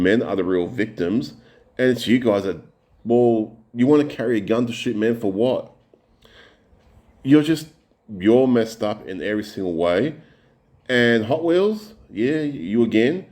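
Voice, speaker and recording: An Australian man reacting to clips in a profane, mocking rant, his pitch jumping up when he gets heated. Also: mellow. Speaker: reaction video commentator.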